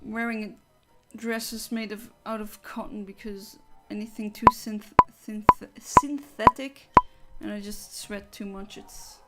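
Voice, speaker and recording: A woman's voice: medium pitch, monotone, measured pace, few pauses, over music. A woman chatting casually with her viewers during a game livestream, rambling and answering chat. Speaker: streamer.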